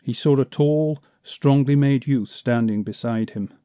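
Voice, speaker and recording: Mellow-voiced male audiobook narrator. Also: mid-range voice, smooth, no echo, clean studio sound. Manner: measured, descriptive storytelling.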